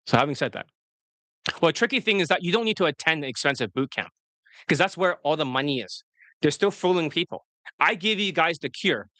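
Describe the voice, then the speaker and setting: Dating coach guy rambling bluntly, swears a lot, kinda high voice, dry close sound. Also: lively intonation, brisk, bright, forceful tone, no echo. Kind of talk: casual livestream coaching talk.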